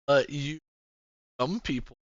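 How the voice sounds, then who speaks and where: A man narrating as game master of a tabletop game, giving halting, unhurried descriptions. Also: mid-range voice, fairly even intonation. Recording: slightly dull sound with faint music.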